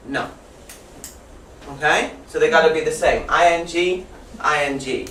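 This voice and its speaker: A woman teacher trainer running a lively classroom demonstration, repeating and correcting students as she goes. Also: lowish voice, normal speed, pauses often. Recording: echoey classroom from far off with faint noise.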